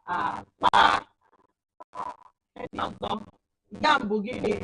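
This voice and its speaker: A woman teaching a class of children, animated and repeating words for emphasis. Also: mid-range voice, measured pace, long pauses, rough recording. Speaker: camp teacher.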